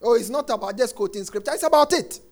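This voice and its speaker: A man preaching a sermon, quoting scripture and repeating his refrain, dropping soft and then shouting. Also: very high voice, lively intonation, quick pace. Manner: emphatic, repeats phrases, swings between soft and shouted lines; quotes scripture, acts out congregants' complaints.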